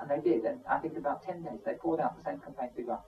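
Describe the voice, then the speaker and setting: A man's voice: a little high, expressive, fast. A man preaching a sermon in an emphatic, conversational way, with frequent asides to the listeners. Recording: dull sound from a distant mic.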